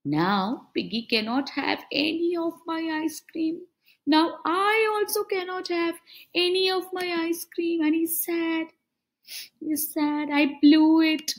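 A woman voicing a young male elephant in a storybook, talking himself out of being greedy and into sharing his ice cream, with excited exclamations. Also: very high voice, slow pace, pitched above the performer's own voice, exaggerated voice. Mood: dejected.

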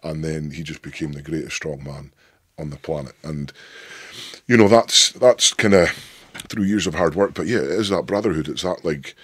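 A Scottish man in his thirties with a deep voice, a guest telling stories in a rambling, sweary, emphatic way. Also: normal speed, fairly bright tone, husky, no echo. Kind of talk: casual interview chat.

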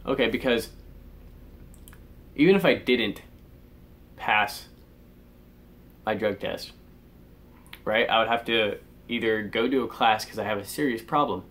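A man's voice: on the low side, unhurried, pauses often, fairly bright tone. Swearing, exasperated teenage guy ranting. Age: teens. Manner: swears constantly, exasperated, rants with sighs. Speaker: vlogger. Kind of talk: angry ranting vlog.

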